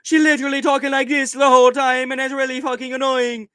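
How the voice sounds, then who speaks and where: A man's voice: very high-pitched, level tone, quick pace, bright, forceful tone, smooth, no room sound, studio quality, voice pushed up. A man putting on a mocking impression of a woman faking a Jamaican accent. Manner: mocking sing-song impression.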